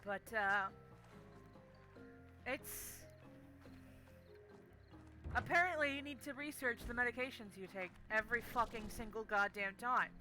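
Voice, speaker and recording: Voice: mid-range voice, a little slow, pauses often, pushed and bright, faint music behind, poor audio. A young adult game streamer telling a story casually while playing, swearing constantly in an exasperated rant.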